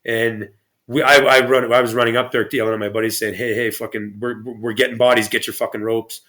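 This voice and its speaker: A man's voice: medium pitch, flat delivery, brisk, bright, forceful tone. A man guest on a podcast interview, telling stories in a rambling, profane way with many restarts. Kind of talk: casual storytelling interview.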